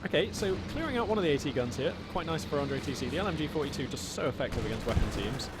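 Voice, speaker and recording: A man casting a strategy game match with chatty, playful play-by-play and quick excited reactions. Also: fairly high pitch, loud music behind the voice. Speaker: video game caster. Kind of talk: live play-by-play game commentary. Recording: loud game gunfire and vehicles behind.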